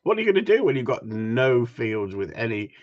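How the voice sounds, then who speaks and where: A man chatting live to his viewers, joking and ribbing them with the odd swear word. His pitch swings up and down a lot as he talks. The sound is dull and lo-fi. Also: sing-song, fairly quick. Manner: joking, teasing banter with mild swearing. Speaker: gundog trainer hosting a live stream. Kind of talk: casual live-stream chat reading viewer comments.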